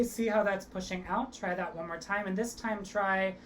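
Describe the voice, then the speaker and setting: A young woman teaching an online theatre workshop, leading vocal and body warm-ups with upbeat encouragement. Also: medium pitch, steady tone, normal speed, few pauses. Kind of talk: online acting workshop instruction.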